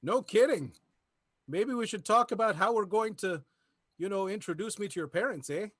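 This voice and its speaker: A man's voice: high voice, animated, moderate pace, a bit bright, breathy edge, no echo, studio quality, full character voice. A man playing a Canadian boyfriend in an improv scene, short replies that end in "eh". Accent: Canadian put-on. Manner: terse, ends lines with "eh". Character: laid-back Canadian boyfriend, a Mountie type. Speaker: improv performer.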